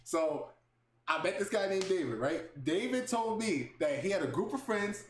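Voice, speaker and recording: A young man hosting a podcast, telling a story in casual chat, animated and laughing, swearing freely. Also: sits high, moderate pace. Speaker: podcast host. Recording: echoey room with faint background noise.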